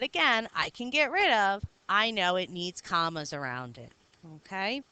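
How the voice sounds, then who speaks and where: Lively, bright-voiced woman teaching grammar. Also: fairly high pitch, clean tone, no echo, rough recording. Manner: patient, step-by-step explaining with check-in questions. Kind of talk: recorded grammar lesson with screen writing.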